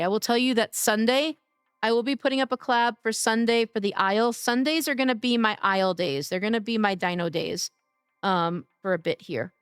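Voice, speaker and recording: In a clean, mid-range voice on a dry, studio-quality recording, a woman streams a game and casually chats, teasing her viewers by name. Her voice is worn from days of streaming, and she's starting to lose it.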